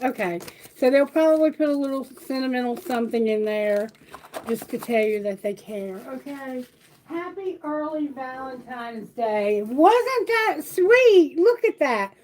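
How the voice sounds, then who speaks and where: Woman doing a tarot livestream, warm mellow tone, a bit high, chatty and sweet. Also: a little hiss or hum, poor audio. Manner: chatty, affectionate, sings song lyrics herself. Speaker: tarot reader. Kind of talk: casual livestream tarot reading.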